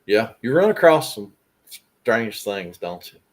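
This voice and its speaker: Man, livestream host, low voice, relaxed and chatty, agreeable. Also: a little slow. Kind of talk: casual chat. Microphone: livestream call.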